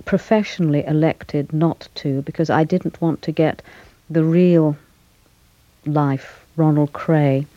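Thoughtful older actress, mellow and dry. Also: female voice, sits low, fairly even intonation, takes it slowly, no room sound, lo-fi sound. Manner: thoughtful, hesitant, with frequent fillers and restarts. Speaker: actress, interview guest. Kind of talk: reflective interview conversation.

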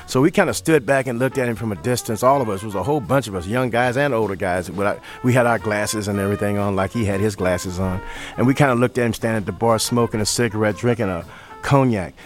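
A man from St. Louis telling stories in an interview, relaxed and often laughing, acting out the voices he quotes. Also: fairly low pitch, fast, faint music behind. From St. Louis, USA. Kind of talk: storytelling interview.

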